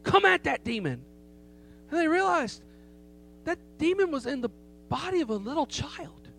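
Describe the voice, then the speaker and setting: A middle-aged man preaches in a high, light voice, telling a story with emphasis. He keeps turning to the congregation with rhetorical questions. A faint hum runs under the recording. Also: big pitch swings, moderate pace, creaky, fairly bright tone. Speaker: pastor. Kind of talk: sermon with storytelling.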